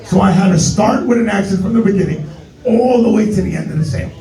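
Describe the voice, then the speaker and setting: A man's voice: high-pitched, fast, echoey room, recorded from a distance, crowd noise, rough recording. A man from New York doing a brash, profane stand-up routine full of street slang and put-on voices. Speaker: stand-up comedian. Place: comedy club stage.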